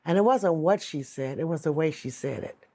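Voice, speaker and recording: A woman's voice: low voice, expressive, normal speed, warm tone, husky. A middle-aged woman giving earnest, emotional personal testimony in an interview.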